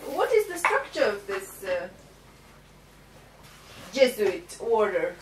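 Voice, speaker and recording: A woman interviewer who briskly prompts and corrects her guest. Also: mid-range voice, big pitch swings. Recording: echoey room, far from the mic, faint noise.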